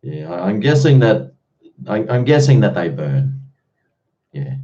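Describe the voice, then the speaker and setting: A man's voice: fairly low pitch, sing-song, measured pace, mellow, muffled recording. An Australian man live-streaming, chatting casually with viewers and answering their comments in a blunt, freely swearing way.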